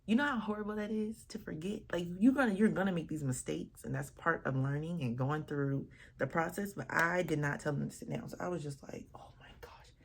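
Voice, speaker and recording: Husky low-voiced woman telling a story. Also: fairly quick. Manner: animated, expressive storyteller acting out quotes. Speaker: wedding officiant telling a story. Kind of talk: casual storytime vlog.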